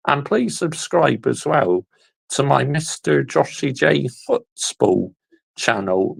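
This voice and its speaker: Male football host: gravelly voice, dry close sound, animated commentary. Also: medium pitch, dry recording, low-quality recording. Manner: animated, exclaiming, laughs often. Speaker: YouTube football channel host. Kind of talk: casual reaction commentary.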